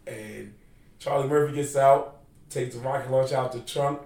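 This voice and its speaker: A man's voice: medium pitch, moderate pace, creaky, distant mic. A man telling a story in casual chat, acting out quotes as he goes. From New York City. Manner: animated storyteller, acts out quotes. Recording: echoey room, off-mic, faint ambience.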